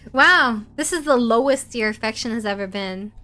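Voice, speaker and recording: A woman's voice: a little high, normal speed, faint music behind. A woman streamer narrating an interactive horror story for her viewers as game master, in a playful, teasing way as she reads out chat comments.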